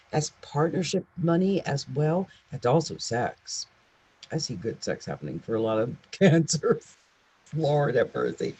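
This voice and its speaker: A woman's voice: low voice, mellow, breathy edge, muffled recording. A woman astrologer giving a casual, chatty horoscope reading with emphatic asides. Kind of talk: casual monthly horoscope talk.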